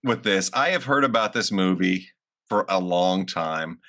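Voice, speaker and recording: A man's voice: low-pitched, lively intonation, a little slow, vocal fry, pushed and bright. A middle-aged man co-hosting a casual movie review podcast, sarcastic and rambling with plenty of fillers. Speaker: podcast co-host.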